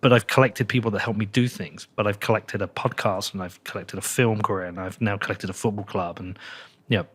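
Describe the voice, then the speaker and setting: A man's voice: lowish voice, steady tone, a little fast, fairly bright tone, slightly rough, no room sound. A man hosting a podcast, talking candidly and confessionally and swearing casually. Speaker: podcast host. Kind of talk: casual interview conversation.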